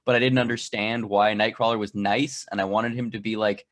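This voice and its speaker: A man, a guest on an interview show, talking casually in a dry, deadpan way that he says sounds sarcastic. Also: on the low side, fairly quick. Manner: dry, self-described sarcastic-sounding delivery. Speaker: comic creator guest.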